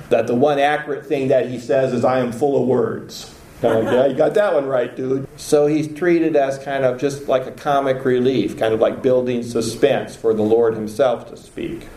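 A man's voice: medium pitch, warm tone. A man giving an informal Bible lecture in a conversational way, lifting his voice to act out quoted lines. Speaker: Bible teacher. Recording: echoey room.

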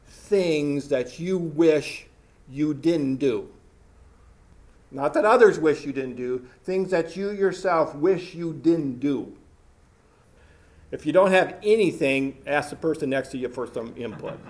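A man's voice: a little high, darkish tone. A man preaching a sermon, talking to the congregation with emphatic repetition.

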